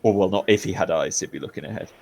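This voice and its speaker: A man narrating scenes as dungeon master in a relaxed, descriptive way. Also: sits low, fast talker, creaky, slight background noise. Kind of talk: narrating a tabletop game.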